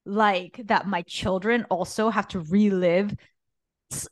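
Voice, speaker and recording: A mother and podcast co-host speaking candidly in casual chat, telling stories in an animated way with frequent fillers. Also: medium pitch, takes it slowly, no room sound.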